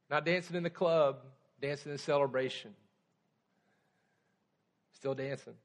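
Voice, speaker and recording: A pastor preaching a conversational sermon, often checking in with the congregation. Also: male voice, medium pitch, slow, pauses often.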